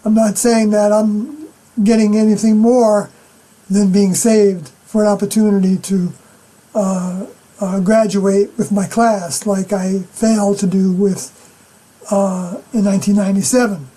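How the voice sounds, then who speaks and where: A middle-aged woman giving an unscripted scripture commentary as a personal testimony, halting and often clearing her throat. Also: medium pitch, fairly even intonation, mellow, poor audio.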